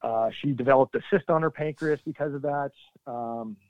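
A middle-aged man, a military veteran, telling his story in an earnest, halting way with sudden emphatic bursts. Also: medium pitch, dry recording. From Canada. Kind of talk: candid interview storytelling. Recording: dry, tinny phone-like line.

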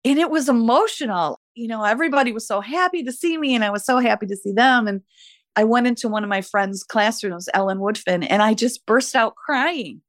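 A retired woman teacher in her sixties, reflecting warmly and emotionally in a conversational interview. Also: fairly high pitch, lively intonation, a little fast, no room sound, studio quality. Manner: warm, emotional, laughs easily. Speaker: retired teacher, podcast guest.

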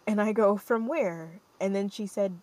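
A young adult woman hosting a podcast, telling a story in an animated, rambling way full of fillers. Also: mid-range voice, measured pace. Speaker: podcast host. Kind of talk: casual storytelling chat.

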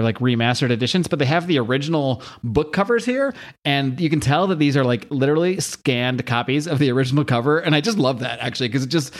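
A man hosting a podcast, casually recapping a comic book in a rambling, chatty way with fillers and swearing. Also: medium pitch. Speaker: podcast host.

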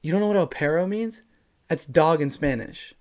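A young man chatting casually as a podcast co-host, an animated storyteller who fills his talk with slang and "like". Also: a little high, moderate pace. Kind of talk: casual chat.

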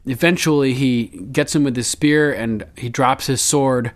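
A man's voice: mid-range voice, fairly even intonation, a little slow. Chatty man recapping with laughs. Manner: loose and chatty, swears, laughs often, quotes lines in passing. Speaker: podcast host recapping a TV episode. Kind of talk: casual chat.

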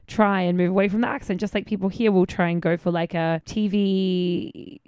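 Chatty Australian woman, smooth voice. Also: fairly low pitch, fairly even intonation, moderate pace, darkish tone, dry recording, studio quality. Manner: chatty, many "like" fillers. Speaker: podcast co-host. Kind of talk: casual chat.

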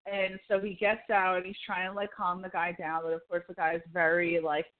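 This podcast co-host has a lowish voice and a flat, brisk delivery. Her casual storytelling rambles and leans on fillers, and the audio sounds tinny, like a phone line.

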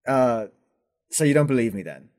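A man's voice: medium pitch, animated, moderate pace, darkish tone, lightly acted. A man voicing a battered knight who speaks formally and insists on who he is. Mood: indignant. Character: weary male knight returning home.

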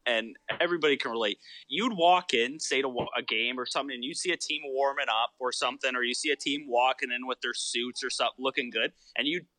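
Bright-voiced teasing man on a podcast. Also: mid-range voice, quick pace, few pauses, dry recording. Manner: laughs easily, teasing, casual swearing. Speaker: podcast co-host. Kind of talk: casual chat.

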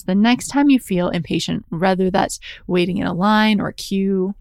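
Woman, mindfulness talk, gentle and reflective, slow drawn-out emphasis, dry close sound. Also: medium pitch, vocal fry, dry recording. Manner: gentle, reflective, slow and drawn-out on key words, frequent "right?".

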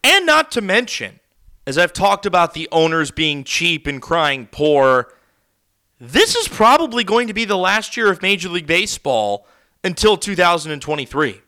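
A man's voice: sits high, big pitch swings, moderate pace, pushed and bright. A man hosting a solo sports podcast from a studio, ranting heatedly and sarcastically. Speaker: podcast host. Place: recording studio.

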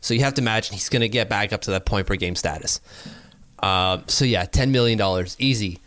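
A man chatting casually about sports, rambling and working through numbers out loud. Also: on the low side, dry recording. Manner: rambling, doing quick mental math aloud.

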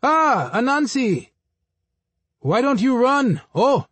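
A man voicing an excitable male monkey who talks slowly and exclaims in a high voice. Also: husky, no room sound, exaggerated voice. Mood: teasing.

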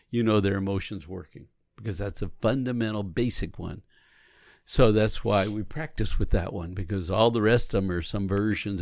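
A man's voice: fairly low pitch, gravelly, no echo, clean studio sound. A man coaching others on how to listen, talking earnestly and acting out example lines. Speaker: relationship coach. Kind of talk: teaching conversation.

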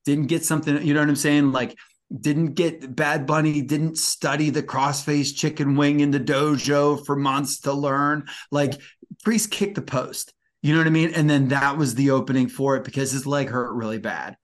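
A man co-hosting a wrestling podcast, talking in an excited, rambling way with many fillers. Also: on the high side, moderate pace. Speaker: podcast co-host. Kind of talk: casual wrestling review chat.

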